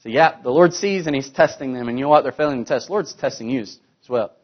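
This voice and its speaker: A man preaching a sermon, asking rhetorical questions and swinging between emphatic, louder passages and hushed, quiet ones. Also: mid-range voice, quick pace, muffled recording.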